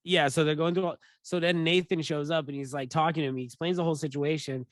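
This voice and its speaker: A young man co-hosting a podcast, telling a story in casual chat, animated, full of "like" and swearing freely. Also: on the high side, fast talker, hardly any pauses, dry recording. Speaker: podcast co-host.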